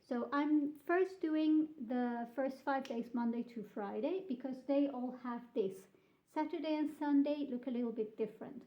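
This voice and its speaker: A woman teaching a beginner language lesson, slowly modelling pronunciation and repeating words for practice. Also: a little high. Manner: slow, carefully modelled pronunciation with drilled repetition. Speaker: Italian teacher. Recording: echoey, slightly dull room sound.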